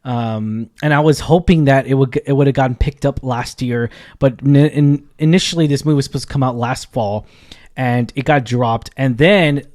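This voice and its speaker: A man's voice: mid-range voice, normal speed, a little mellow. A man hosting a casual movie review chat, rambling and enthusiastic, with many fillers and restarts.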